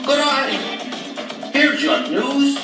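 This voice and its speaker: A goofy, over-the-top newsman caricature, put on by a man, shouting catchphrases in a high, bouncing voice. He sounds far from the mic in a very echoey space. Loud music plays underneath him. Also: sing-song, extremely slow, exaggerated voice. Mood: jokey. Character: exaggerated jokey Australian male newsman.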